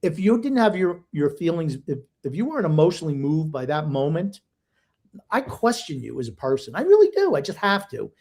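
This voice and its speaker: A man's voice: fairly high pitch, wildly swooping pitch, fairly quick, a little mellow. An older man co-hosting a sports podcast, blunt and emotional in casual chat. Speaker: podcast co-host.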